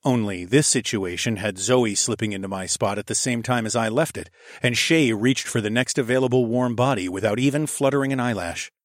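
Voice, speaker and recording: A man narrates a first-person romantic fantasy audiobook in a mid-range voice, a little fast, alternating narration with dialogue in an intimate, wry manner. The studio sound is clean, with no room sound.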